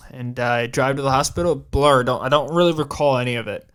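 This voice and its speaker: A young man hosting a podcast, telling a personal story in a halting way, repeating and restarting his phrases and swearing casually. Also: medium pitch, fairly bright tone, smooth. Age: young adult. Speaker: podcast host.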